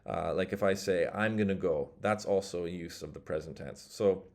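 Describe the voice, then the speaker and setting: A man teaching a language lesson, explaining grammar patiently and slowly with frequent fillers like "uh" and "um". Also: deep voice, vocal fry, darkish tone.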